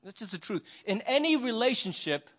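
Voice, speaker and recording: A man's voice: high voice, very animated, fairly quick, fairly bright tone. A man preaching a conversational sermon, telling stories and asking rhetorical questions. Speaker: pastor.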